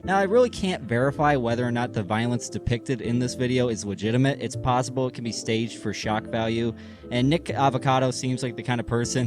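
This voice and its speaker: A man doing a sarcastic commentary voice-over as a YouTuber. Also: mid-range voice. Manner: sarcastic, salty.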